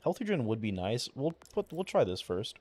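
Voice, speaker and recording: Streaming a game, a man rambles in casual, mumbled commentary packed with curses and filler words, his voice cracking occasionally. His medium pitch swings widely at a normal speed, sounding husky and a little mellow, with no echo.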